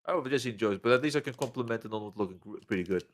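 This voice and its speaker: A man chatting casually on a stream, retelling a story in a halting, rambling way. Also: lowish voice, slight background noise. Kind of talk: casual chat.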